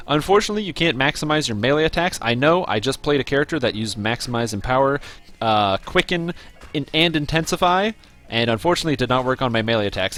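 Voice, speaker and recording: A man chatting casually to his viewers while streaming a video game, rambling and reacting excitedly to the gameplay. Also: mid-range voice. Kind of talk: casual live-stream commentary.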